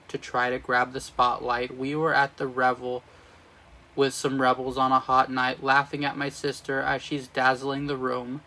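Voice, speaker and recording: A man's voice: mid-range voice, pushed and bright, rough recording. A man reading as a lovestruck young woman. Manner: reads sung lyrics as speech, with slips and restarts.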